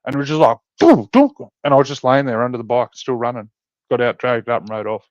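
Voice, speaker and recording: A man's voice: medium pitch, racing, dry recording. Australian man swearing through a wild story. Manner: swearing-heavy, animated storytelling. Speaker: podcast co-host. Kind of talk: casual chat. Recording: dry, slightly dull sound.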